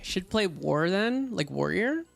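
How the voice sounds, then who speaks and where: A man's voice: high-pitched, sing-song, slow, vocal fry, soft background music. A man chatting casually and rambling with lots of fillers as he streams a game. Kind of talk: casual gaming stream chat.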